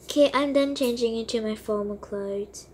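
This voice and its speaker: A woman's voice: on the high side, normal speed, a little mellow, a little hiss or hum. A woman playing and narrating a toy role-play game, talking casually to her viewers.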